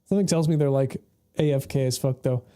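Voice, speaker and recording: A man's voice: medium pitch, fairly even intonation, quick pace, mellow, smooth. A man giving casual, rambling gameplay commentary as a streamer, swearing freely and laughing often, with faint music behind him. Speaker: game streamer.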